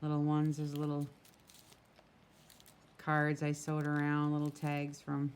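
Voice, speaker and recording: A woman's voice: low voice, monotone, slow, a little mellow, clear, resonant tone. A woman who runs a craft shop, casually chatting as she flips through a handmade journal, gushing and full of small asides, recorded outdoors in a breeze on a camera mic.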